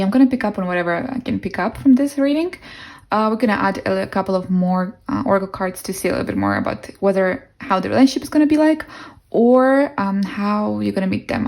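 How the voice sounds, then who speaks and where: A woman's voice: medium pitch, expressive, quick pace, vocal fry, darkish tone. A young woman with a non-native English accent giving a casual pick-a-card tarot reading, musing aloud with fillers and restarts. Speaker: tarot reader.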